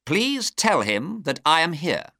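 A man voicing a clever male detective who is cool and coldly polite, speaking in a crisp, measured way. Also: on the high side, very animated, pushed and bright, no room sound, clean studio sound, pitched above the performer's own voice, full character voice. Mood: cool, assured.

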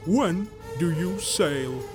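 A man voicing a calm, determined gentleman traveler, speaking in a measured, precise way in audiobook dialogue. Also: a little high, over music. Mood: polite.

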